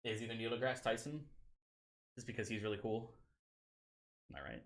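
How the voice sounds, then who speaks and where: A man's voice: on the low side, steady tone, fairly quick. A man co-hosting a podcast in casual, rambling chat, laughing often between thoughts. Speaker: podcast co-host.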